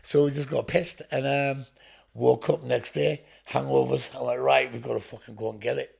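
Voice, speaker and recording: A man's voice: mid-range voice, steady tone, normal speed, creaky, breathy edge. A man from England, a podcast guest, telling his story bluntly, swearing often and acting out what people said. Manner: blunt, swearing, acts out dialogue. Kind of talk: storytelling interview.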